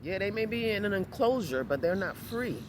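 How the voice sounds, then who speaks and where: A woman's voice: mid-range voice, lively intonation, normal speed. A woman vlogging in casual talk, rambling and repeating reassurances to herself. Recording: noisy outdoor street recording.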